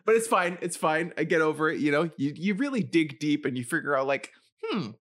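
A man co-hosting a casual podcast chat in a playful, rambling way. His voice sits a bit higher than most men's, and his pitch moves a lot as he jokes. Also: expressive, quick pace, a bit bright. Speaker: podcast co-host.

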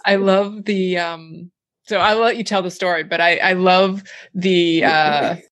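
A woman interviewing a guest, encouraging and a bit halting as she sets up a story. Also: on the low side, steady tone, fairly bright tone. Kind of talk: casual interview.

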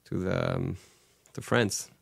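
A man with a somewhat low voice and a gravelly edge talks as a guest in an interview. He stops and restarts often while he searches for his words. The sound is dry and close. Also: fairly even intonation, slow, no echo. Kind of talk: conversational interview.

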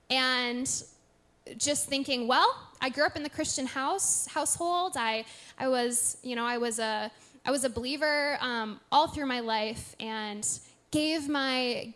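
A woman in her thirties sharing a candid faith testimony, earnest and reflective, with soft nervous laughs. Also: fairly high pitch. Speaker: podcast co-host sharing testimony.

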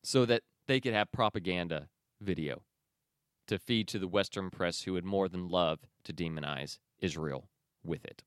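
Smooth-voiced man giving opinionated news commentary. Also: sits low, normal speed, dry recording, clean studio sound. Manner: opinionated, sarcastic, with many fillers and restarts. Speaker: podcast host.

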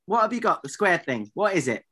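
A man's voice: high-pitched, very animated, brisk, sharp tone, breathy edge. A man co-hosting a podcast in casual banter, teasing his partner in mock exasperation. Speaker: podcast co-host.

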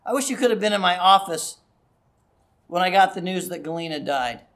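A man's voice: high voice, lively intonation, fairly quick, fairly bright tone. A middle-aged male pastor giving an earnest, conversational sermon that builds to raised emphasis.

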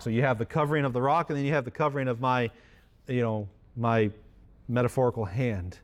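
A man's voice: medium pitch, a little fast. A man preaching a sermon in a conversational way, with self-deprecating humor. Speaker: pastor.

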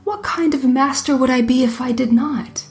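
Smug dragon voiced by a woman, smooth, cunning, storybook reading. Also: high voice, steady tone, normal speed, soft background music, pitched above the performer's own voice.

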